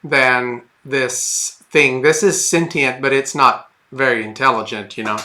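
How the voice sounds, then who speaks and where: A man's voice: medium pitch, fairly even intonation, measured pace, pushed and bright. A man running a tabletop game as game master, narrating in a rambling, hesitant way with many fillers and restarts.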